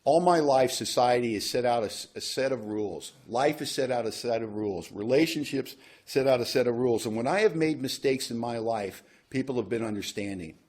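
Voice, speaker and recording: A man's voice: mid-range voice, brisk, few pauses, a little mellow. A man speaking at a recovery workshop, telling a personal story in a wry, self-mocking way. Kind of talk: storytelling talk.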